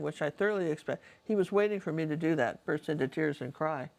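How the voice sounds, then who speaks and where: Low, fast and gravelly with a darkish tone, her voice barely pauses as this middle-aged woman paints and shares life stories. She talks directly to the viewer in a chatty, wandering storytelling style.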